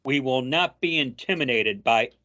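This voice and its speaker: A man co-hosting a casual political chat, reading news quotes aloud with frequent halting fillers. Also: medium pitch, pushed and bright, highs cut off. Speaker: co-host.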